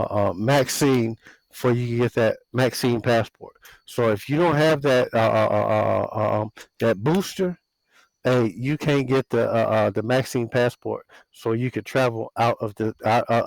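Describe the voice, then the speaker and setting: A man preaches outside on his porch, stumbling over strings of repeated words before pressing on with his warnings. His voice sits at a middle pitch. The sound is close and dry, with no room around it. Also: gravelly, no room sound, rough recording. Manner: halting, many repeated fillers and restarts. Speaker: religious video host. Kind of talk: casual street sermon. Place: outdoors on a house porch.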